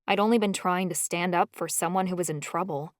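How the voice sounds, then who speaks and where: Low-voiced woman narrating an audiobook. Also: no room sound, studio quality. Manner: even, measured storytelling. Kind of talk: scripted first-person narration.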